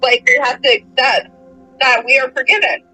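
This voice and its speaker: A woman's voice: sits high, expressive, moderate pace, bright, forceful tone, husky, faint music behind, low-quality recording. A young woman on a casual faith chat, speaking hesitantly and filling her sentences with "like". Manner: hesitant, full of likes. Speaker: guest.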